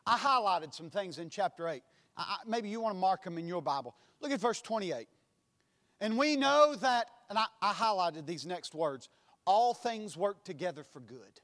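A man preaching a sermon in a church, impassioned, swinging between loud and soft passages. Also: sits high, animated, moderate pace. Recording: long hall reverb.

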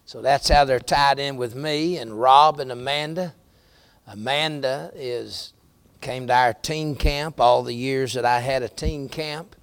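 A man's voice: mid-range voice, unhurried, clear, resonant tone, dry recording. A middle-aged man with a Southern American accent, preaching a sermon in a folksy storytelling way. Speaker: pastor.

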